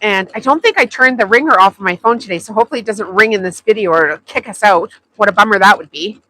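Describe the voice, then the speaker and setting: A woman's voice: mid-range voice, fast, pushed and bright. A woman hosting a sewing livestream, chatting casually with viewers and laughing often. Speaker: sewing channel host.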